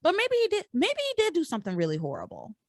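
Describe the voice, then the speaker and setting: A woman's voice: high-pitched, huge pitch swings, fast, dry recording, studio quality. A woman co-hosting a podcast, chatting casually and animatedly with many restarts and laughs. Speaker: podcast co-host. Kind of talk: casual recap chat.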